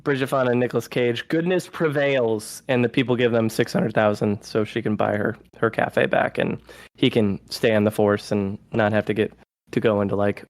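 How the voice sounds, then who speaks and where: A man co-hosting a film podcast, recapping plots in lively casual chat and acting out lines. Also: on the low side, normal speed, dry recording, low-quality recording. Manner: animated, recaps plots with acted-out quotes. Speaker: podcast co-host.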